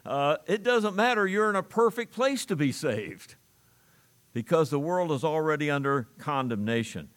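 A man's voice: on the high side, expressive, normal speed, a bit bright. Man preaching an earnest sermon. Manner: earnest preaching with emphatic repeated phrases and chuckles. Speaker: pastor.

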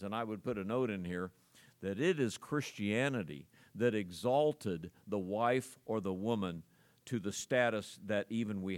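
A man's voice: medium pitch, no echo, studio quality. A man preaching an expository sermon, emphatic, with frequent fillers and restarts. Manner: emphatic, rises sharply on key words. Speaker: pastor.

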